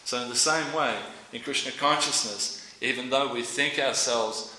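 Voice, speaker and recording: A man's voice: medium pitch, normal speed, few pauses, bright, forceful tone, reverberant, low-quality recording. A man giving a devotional talk, rambling and anecdotal, often repeating his words. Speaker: devotional speaker.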